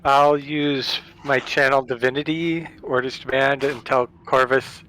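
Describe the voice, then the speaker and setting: A man playing a tabletop game, speaking slowly and deliberately. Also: medium pitch, flat delivery, pushed and bright, low-quality recording. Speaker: player. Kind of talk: casual game chat.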